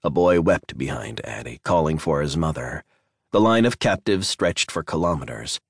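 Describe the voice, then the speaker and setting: A man reading a science fiction audiobook in measured, dramatic scripted narration on a close studio mic. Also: very deep voice, expressive, creaky, breathy edge, no echo.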